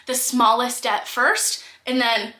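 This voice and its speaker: A woman's voice: on the high side, steady tone, slow, pushed and bright, reverberant. A woman giving candid, blunt reaction commentary on personal finance, swearing freely as she talks.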